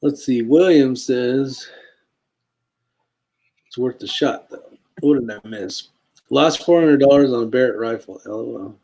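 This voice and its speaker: A man's voice: medium pitch, a little slow, creaky, pauses often, warm tone. Man, laid-back live stream host, casual chatter, easy laughs. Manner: laid-back, laughs often, reads chat aloud; calls his own voice a sleepy DJ voice. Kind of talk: casual chat.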